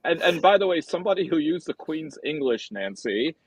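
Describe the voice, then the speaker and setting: An animated man hosts a casual panel chat, his pitch swinging widely as he teases guests. His voice is husky and breathy. The sound is dry and close. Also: fairly quick, dry recording, low-quality recording. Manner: animated, teasing, hands off to panelists. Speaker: host.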